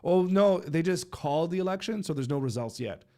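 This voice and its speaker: A man's voice: a little high, expressive, fairly quick, warm tone. A man with a stuffy nose hosting a casual livestream, chatting loosely with lots of fillers and restarts. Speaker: livestream host. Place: home studio in eastern Canada.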